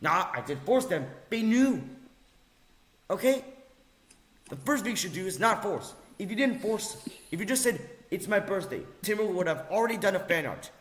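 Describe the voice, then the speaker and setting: A man's voice: high voice, expressive, normal speed, fairly bright tone. A man giving an angry, sarcastic vlog rant, swearing and repeating phrases for emphasis. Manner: heated, sarcastic, profane. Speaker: vlogger. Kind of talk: angry ranting monologue.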